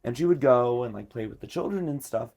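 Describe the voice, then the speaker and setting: A man's voice: mid-range voice, animated, fast, gravelly, darkish tone. A man hosting a podcast, telling a story in casual chat and filling it with lots of filler words. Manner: chatty, many filler words. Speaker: podcast host.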